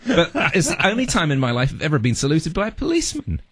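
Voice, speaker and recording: A man telling a lively travel story as a guest in a studio interview, laughing often. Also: fairly high pitch, fast, slightly rough, no room sound. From part Russian heritage. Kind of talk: storytelling anecdote.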